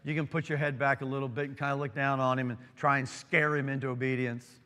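A middle-aged male pastor delivers a sermon at an ordinary pitch, moving between emphatic, rising declarations and quiet, intimate storytelling. His voice rings with long reverb in a large church sanctuary. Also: flat delivery, fast. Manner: earnest, swings from emphatic to hushed storytelling.

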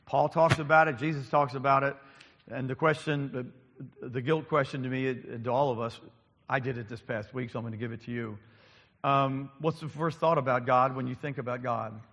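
Man, pastor, sermon, mid-pitched voice, frequent ums, repeats lines for emphasis, long echo of a big church hall. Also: fairly even intonation, normal speed, fairly bright tone. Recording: long reverb of a large hall.

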